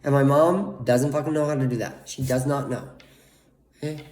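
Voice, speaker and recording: A man's voice: medium pitch, fairly even intonation, moderate pace, darkish tone, echoey room. A young man speaking candidly and emotionally to camera in a confessional monologue, blunt and full of swearing. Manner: candid, profane, emotionally raw. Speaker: vlogger.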